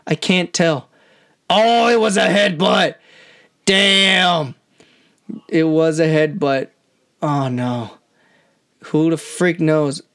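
A woman giving amateur live reaction commentary on a boxing match, excitable and slangy, often talking straight to the fighters. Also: sits low, takes it slowly, long pauses. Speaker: channel host, amateur commentator.

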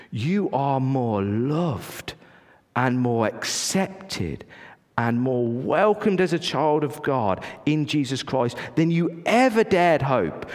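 A man preaching in a fairly high voice that rises and falls in lively swings. He is earnest and conversational, stumbling into restarts and asides, and his words carry a long hall reverb. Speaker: pastor. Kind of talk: sermon.

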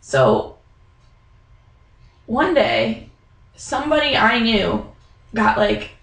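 Young woman, animated storyteller, slightly high, gravelly fry, roomy sound. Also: drawn-out words. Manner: animated storytelling, acts out quoted voices; many fillers like "like" and "um". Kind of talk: casual chat.

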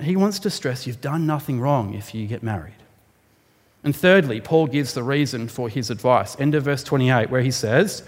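A man preaching a sermon, explaining a Bible passage in an animated way and rising sharply for emphasis. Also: a little high. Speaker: pastor. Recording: long hall reverb.

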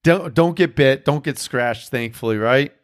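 A man's voice: mid-range voice, unhurried. A man hosting a podcast in casual chat, telling a rambling, profane story with self-mocking laughs. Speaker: podcast host.

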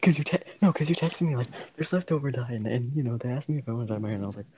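A man's voice: mid-range voice, racing, warm tone, highs cut off. A young man co-hosting a podcast in casual chat, teasing and laughing as he jumps in. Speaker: podcast co-host.

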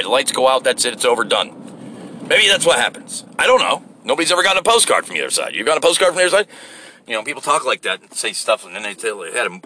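A man's voice: mid-range voice, slight background noise. A middle-aged man giving a blunt, profane rant to camera in a casual vlog, out near his home. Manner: blunt and swearing, animated. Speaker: vlogger.

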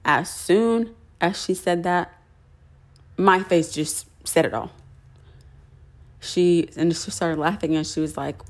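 A young woman talks straight to her listeners, recounting her own story. Her voice sits a little low for a woman. She rambles warmly, full of fillers and false starts. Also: slow pace, long pauses. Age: young adult. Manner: chatty, many fillers and restarts. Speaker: podcast host.

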